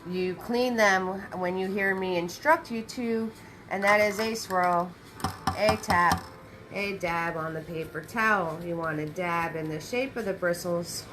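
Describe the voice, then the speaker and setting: A woman's voice: lowish voice, a little slow, noisy background. A woman hosting a livestream painting class, chatting with viewers and greeting them by name. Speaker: paint party instructor.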